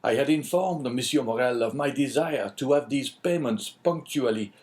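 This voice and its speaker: A man's voice: medium pitch, moderate pace, a little mellow, natural voice. A man voicing an anxious, eager middle-aged French prison inspector in an audiobook, in a fretful, pleading manner. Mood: despairing.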